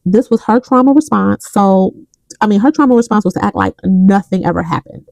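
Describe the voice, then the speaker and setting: A woman's voice: medium pitch, a little fast, creaky, a little mellow, no room sound, low-quality recording. A young adult woman vlogging about her budget, counting bills aloud and telling a story between counts. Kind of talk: casual chat while counting cash.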